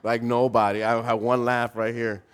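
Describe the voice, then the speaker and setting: A man's voice: medium pitch, flat delivery, normal speed, clean tone. A man in his thirties, a pastor preaching a sermon in a casual, storytelling way with light self-deprecating humor.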